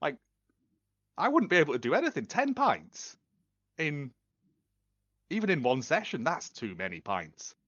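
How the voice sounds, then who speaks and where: A man co-hosting a casual TV review podcast, animated and jokey. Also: on the high side, unhurried, pauses often, dry recording. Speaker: podcast co-host. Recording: dry, slightly dull sound.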